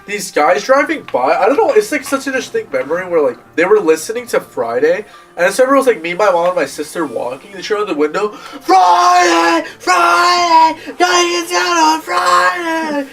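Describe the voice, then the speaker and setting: A man's voice: sits high, very animated, quick pace, recorded from a distance, over music. A young man co-hosting a podcast, telling rambling stories in casual chat and laughing often. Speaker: podcast co-host.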